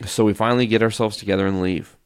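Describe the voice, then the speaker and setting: Podcast host, male, very low gravelly voice, dry close sound, swears freely while telling a story. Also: rapid-fire, no room sound. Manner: profane, ranting, animated storytelling.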